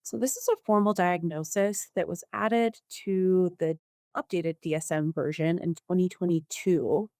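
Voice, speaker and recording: Calm low-voiced woman therapist. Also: unhurried, no room sound, studio quality. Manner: calm, explanatory, clinical. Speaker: therapist and podcast co-host. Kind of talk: podcast discussion.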